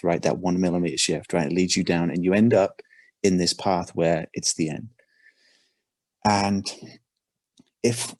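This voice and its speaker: Brief: male coach, low husky voice, dry close sound, earnest and halting. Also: a little mellow, no echo. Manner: earnest, repeats words and restarts often. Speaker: performance coach. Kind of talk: casual podcast conversation.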